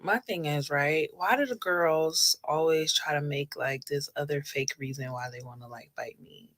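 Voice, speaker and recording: A woman's voice: low voice, moderate pace, a bit bright. A woman in a clip from a reality show, ranting in a fiery, cursing, mocking way. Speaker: reality show cast member. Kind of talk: heated confessional rant.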